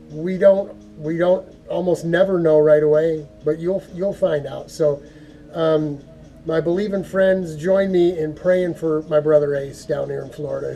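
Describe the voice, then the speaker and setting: A man giving an earnest, folksy prayer talk to camera, halting and repeating words as he goes. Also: on the high side, dark tone. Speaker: go-kart hobby vlogger.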